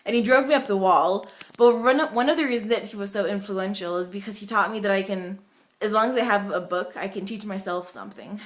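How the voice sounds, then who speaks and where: Here a young American vlogger with a mid-range voice talks a little quickly. She rambles through stories to her webcam at home, chatty and heavy on fillers.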